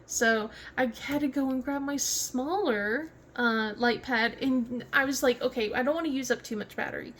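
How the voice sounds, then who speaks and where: In a casual craft vlog, a southern West Virginia woman talks in a high, fairly bright voice at a moderate pace, hardly pausing. Her Southern American accent comes through a little hiss or hum, and she rambles with fillers, restarts and frequent laughs.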